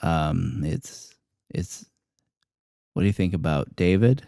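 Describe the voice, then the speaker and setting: Deadpan young co-host, low voice. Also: male voice, slow, vocal fry, no room sound. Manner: dry, deadpan wisecracks. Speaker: podcast co-host. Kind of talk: casual chat.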